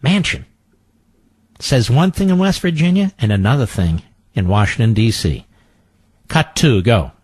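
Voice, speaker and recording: A man's voice: mid-range voice, very animated, unhurried, pauses often, darkish tone, husky, dry recording. A man hosting political talk radio, combative and sarcastic, often mocking his opponents in quoted voices.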